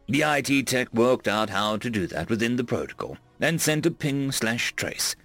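A man's voice: medium pitch, lively intonation, moderate pace, hardly any pauses, fairly bright tone, no echo, faint music behind. A man narrating a sci-fi story in a casual, offhand way. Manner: casual, fillers between voices.

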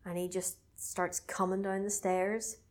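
This woman, a podcast co-host, walks through a film's story casually and with lots of energy, swearing freely and slipping into mock voices. Her mid-range voice keeps a measured pace.

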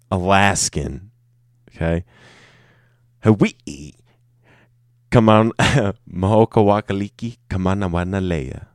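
A man's voice: low voice, no room sound, studio quality. A man talking alone in an offhand, joking way, swearing a lot and tripping over his words. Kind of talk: casual off-the-cuff monologue.

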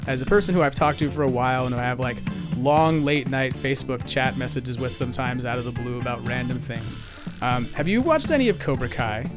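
A man hosting a podcast, chatting casually with quick asides and frequent laughs. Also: mid-range voice, loud music behind the voice. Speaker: podcast host. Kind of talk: casual chat.

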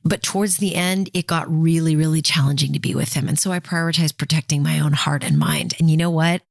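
A woman's voice: sits low, expressive, brisk, gravelly, dry recording, studio quality. A woman in her fifties giving candid, conversational personal advice and talking straight to her listeners.

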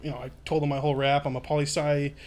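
Young guy telling a crazy story, kinda high voice, cursing, laughing, acting out the quotes. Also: level tone, fast, a little mellow. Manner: swearing, laughing, acts out quotes. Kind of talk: casual storytelling chat.

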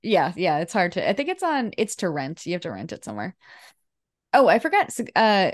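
A woman's voice: lowish voice, huge pitch swings, fairly quick, no echo, clean studio sound. A woman co-hosting a casual movie podcast, rambling with lots of fillers and frequent laughter. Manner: rambling, laughing often, many fillers and restarts. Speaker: podcast co-host. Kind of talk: casual chat about movies.

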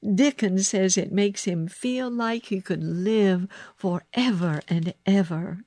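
A woman reading a storybook voices an eager, excited young girl who speaks in breathless exclamations. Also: mid-range voice, takes it slowly, dry recording, voice pushed up.

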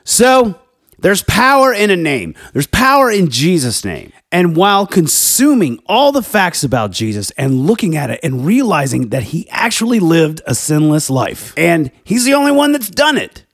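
A man hosts a personal faith talk on his podcast, reading scripture aloud with heated emphasis and animated pitch swings. He keeps a moderate pace. The sound is dry and clean, studio quality.

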